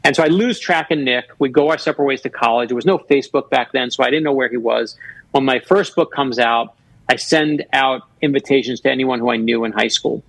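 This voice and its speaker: A man's voice: mid-range voice, brisk, fairly bright tone, no echo, low-quality recording. A man in his fifties from Florida, a guest author telling personal stories in a radio interview and acting out the voices he quotes. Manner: earnest storyteller who acts out quoted voices.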